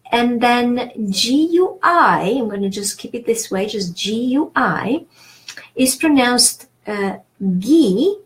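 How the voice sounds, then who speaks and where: A woman, teaching pronunciation in an online lesson, explaining slowly and patiently with many hesitations. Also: fairly high pitch. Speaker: French teacher.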